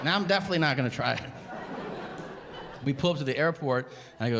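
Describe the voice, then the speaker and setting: A middle-aged man doing stand-up comedy, telling stories and acting out other people's voices in quick impressions. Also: mid-range voice, expressive, background noise. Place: comedy venue before a live audience. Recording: live show with a loud laughing audience.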